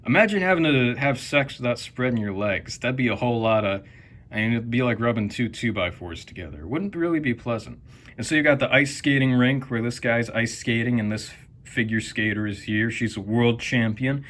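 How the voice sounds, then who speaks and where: A man with a mid-pitched voice narrates a casual show-and-tell. He rambles with fillers and keeps breaking off into crude, wisecracking asides. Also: brisk, fairly bright tone. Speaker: video host.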